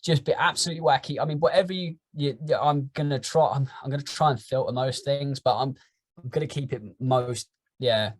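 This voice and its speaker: A man's voice: medium pitch, fairly even intonation, fairly quick. A young man, a podcast guest, chatting casually in an eager, rambling way. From United Kingdom.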